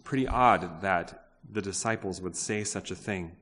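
A man's voice: low voice, a little slow, fairly bright tone, a little hiss or hum. A man preaching a sermon in a conversational way, asking his listeners questions and often restarting his sentences. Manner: conversational, asks the congregation questions, frequent restarts. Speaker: pastor. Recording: long reverb of a large hall.

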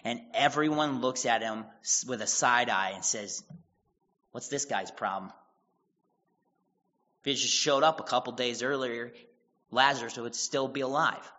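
Male pastor, bright forceful voice, chatty Bible teaching with quoted dialogue, slightly muffled lo-fi recording. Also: mid-range voice, moderate pace. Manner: conversational, retells scripture with quoted dialogue and asides.

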